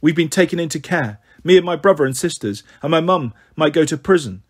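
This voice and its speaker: A man's voice: on the high side, animated, fairly quick, breathy edge. A man voicing an upset, defiant young schoolgirl who answers back sharply, in a storybook reading. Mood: distressed. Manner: hurt, sharp retorts.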